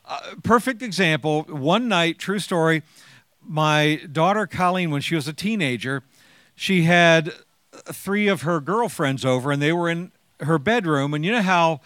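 In a dry, clean studio recording, a man in his sixties shares his personal testimony with an audience. His voice sits a little high with a fairly bright tone and lively intonation, and he takes his time. He's a chatty, joking storyteller who acts out the lines he quotes.

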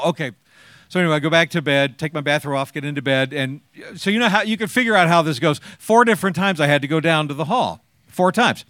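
A man's voice: fairly high pitch, quick pace, fairly bright tone, dry recording, studio quality. A man in his sixties sharing his personal testimony with an audience, as a chatty, joking storyteller who acts out the lines he quotes.

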